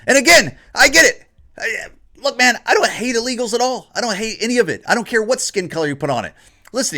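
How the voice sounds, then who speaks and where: A man's voice: sits high, bright, forceful tone. A man from Ohio hosting an opinion podcast, ranting in a repetitive, combative monologue and mocking others. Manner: mocks others in put-on voices. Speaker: podcast host.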